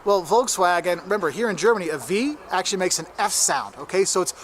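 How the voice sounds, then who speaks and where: Brief: male travel vlogger, high and lively, teaching on the street. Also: fast talker, a little hiss or hum. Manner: animated, acts out confused reactions. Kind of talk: instructional travel vlog. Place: outdoors in a town.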